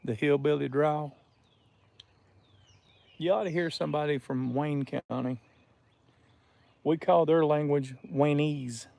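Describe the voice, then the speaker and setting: A man's voice: on the high side, steady tone, takes it slowly, vocal fry, pauses often, darkish tone, dry recording. A man hosting a casual live stream outdoors by a river, chatting with viewers and greeting them by name.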